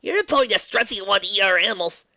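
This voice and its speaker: A woman voicing a cocky, tomboyish flying mare pony who speaks loudly and bossily in a fan storybook reading. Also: medium pitch, expressive, racing, dry recording, muffled recording, pitched above the performer's own voice. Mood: bossy. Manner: loud, bossy and exasperated.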